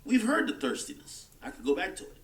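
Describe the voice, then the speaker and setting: A man's voice: sits high, huge pitch swings, fast talker, vocal fry, echoey room, recorded from a distance. A man hosting a livestream, delivering a heated, mocking rant in casual commentary. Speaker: livestream host.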